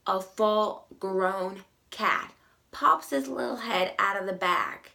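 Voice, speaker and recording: A woman's voice: medium pitch, slow pace, creaky, sharp tone. A young adult woman telling customer service stories in a casual vlog, emphatic and exasperated. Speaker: vlogger.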